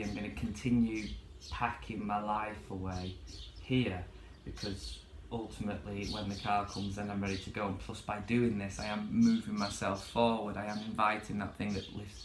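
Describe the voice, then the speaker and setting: A man's voice: fairly low pitch, flat delivery, moderate pace, few pauses, reverberant, background noise. A man ranting casually to his vlog audience from his bedroom, swearing freely and rambling with many fillers. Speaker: vlogger.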